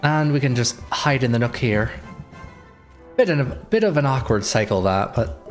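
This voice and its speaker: A man streaming a video game, talking to himself in a relaxed, muttering way as he plays. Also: medium pitch, moderate pace, soft background music. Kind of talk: casual gameplay commentary.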